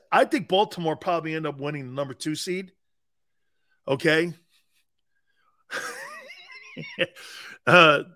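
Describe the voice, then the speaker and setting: A man's voice: on the high side, a bit bright. A middle-aged man hosting a sports talk show, chatting casually, joking and laughing often with rambling asides. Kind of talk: casual sports radio banter.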